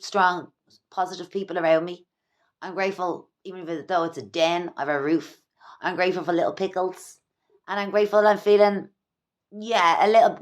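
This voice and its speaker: An Irish woman speaks fast in a confessional home vlog, looping back over her words as she goes. Her voice sits a little low for a woman. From Ireland. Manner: rambling, fast, repeats herself. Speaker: vlogger. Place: at home in her own small place.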